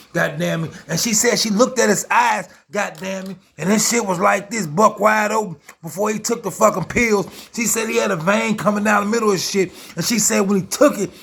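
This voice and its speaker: A man holds forth on his own vlog. His voice sits high and has a gravelly edge. He tells the story loud and animated and swears freely. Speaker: vlogger host. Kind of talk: casual storytelling rant.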